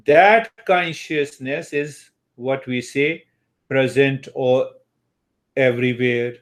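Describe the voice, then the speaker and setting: Slow-spoken man teaching meditation. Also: mid-range voice. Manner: slow, meditative, with long pauses; uses Sanskrit terms. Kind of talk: spiritual teaching talk.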